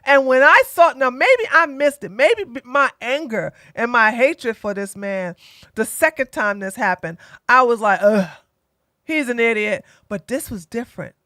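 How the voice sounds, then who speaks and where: A woman with a high voice delivers blunt, opinionated online commentary, animated and quick to slip into mocking impressions. Her voice is recorded close and dry, with no room sound around it. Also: dry recording.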